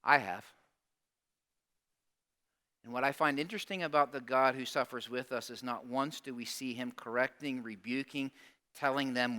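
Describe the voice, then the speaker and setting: Male pastor, bright and forceful tone, animated sermon delivery in church. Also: medium pitch, moderate pace, pauses often. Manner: animated preaching, acting out quoted voices, asking the congregation questions.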